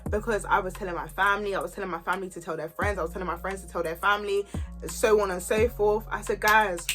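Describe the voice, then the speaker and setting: A woman, telling a story in an animated, chatty, slangy way. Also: mid-range voice, fast talker, soft background music. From Kent, England. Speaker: YouTuber. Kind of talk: storytime vlog chat.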